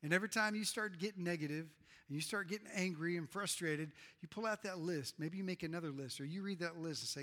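A man's voice: high voice, quick pace, hardly any pauses. Man preaching in an echoey church. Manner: earnest, building to fervent loud prayer. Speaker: pastor. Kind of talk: sermon and prayer. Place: church sanctuary. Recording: reverberant hall with soft guitar behind.

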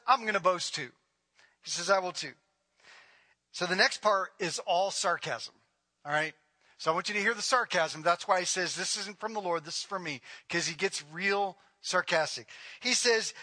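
A middle-aged man gives a sermon in church, his voice high and ringing. He keeps the room with sly, sarcastic jokes before climbing into emphatic, forceful preaching. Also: animated, normal speed. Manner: joking, sarcastic asides, rising to emphatic preaching. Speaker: pastor.

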